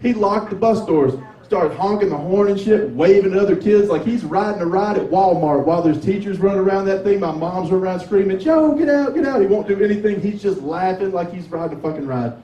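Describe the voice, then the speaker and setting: A Southern man doing stand-up at an open mic, his voice high-pitched but dark and mellow in tone. He talks in a loose, drawling way and swears freely. He is heard from across an echoey bar, with a faint hum of the room behind him. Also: a little fast, few pauses, far from the mic, lo-fi sound. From Tennessee. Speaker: stand-up comedian. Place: sports bar with a light crowd. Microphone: 360 camera from across the room.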